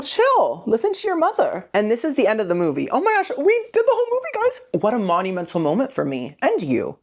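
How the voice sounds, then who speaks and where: 장난스럽고 새침한 남자 진행자. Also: male voice, high-pitched, a little mellow. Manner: sassy, campy asides. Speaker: host. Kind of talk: comedic movie retelling commentary.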